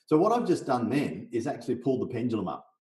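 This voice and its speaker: A man's voice: mid-range voice, fast. A middle-aged man from Australia, a business coach guesting on a podcast, explaining his method with energy and acting out sales talks, in a roomy recording. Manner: energetic, role-plays sales conversations. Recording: roomy echo.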